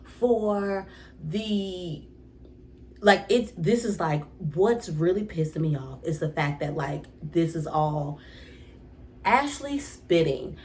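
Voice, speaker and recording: Young female recap vlogger, slightly low voice, casual and exasperated, rambling delivery. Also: takes it slowly, a little hiss or hum. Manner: exasperated, animated, restarts often.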